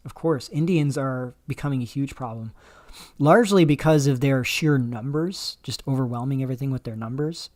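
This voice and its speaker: A man's voice: mid-range voice, darkish tone. A man hosting a casual livestream, rambling through chat questions with many fillers and restarts. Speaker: livestream host. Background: dog barking faintly.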